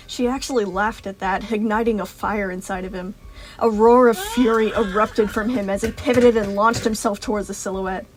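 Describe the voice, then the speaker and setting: A woman's voice: medium pitch, fairly even intonation, normal speed, low-quality recording. A woman reading a fan fiction story aloud in an intense, dramatic storytelling manner. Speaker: reader, narrator. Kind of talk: fan fiction audiobook narration.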